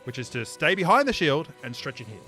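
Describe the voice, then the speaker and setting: A man's voice: a little high, very animated, a little fast, pushed and bright, soft background music. An Australian man joking and rambling as a player in a tabletop game, with many fillers and restarts. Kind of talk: casual tabletop game play.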